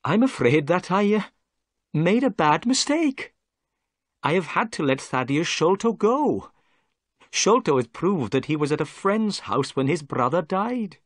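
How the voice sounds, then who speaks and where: A man's voice: on the high side, sing-song, measured pace, dry recording, clean studio sound, pitched above the performer's own voice. A man voicing a humbled, polite male police inspector who speaks earnestly and apologetically in a storybook reading. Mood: apologetic.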